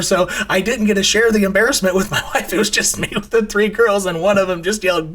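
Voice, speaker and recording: Telling stories before drifting into rambling chart commentary, this trading channel host in his thirties talks fairly quickly in a slightly bright voice. He fills his speech with fillers and restarts and squeals high when acting out his kids.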